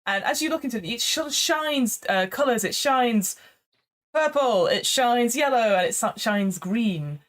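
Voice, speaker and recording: A woman's voice: fairly high pitch, lively intonation, a little slow. A woman running an improvised tabletop game as game master, chatty and often laughing, on a remote call. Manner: chatty, laughing, hesitant restarts. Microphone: remote call microphone.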